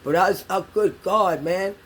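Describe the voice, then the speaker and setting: A woman's voice: fairly low pitch, moderate pace, breathy edge. A middle-aged woman from New York delivering an angry, profane political rant to her viewers, repeating herself for emphasis. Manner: profane, emphatic, repetitive, addresses viewers as y'all. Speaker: political vlogger.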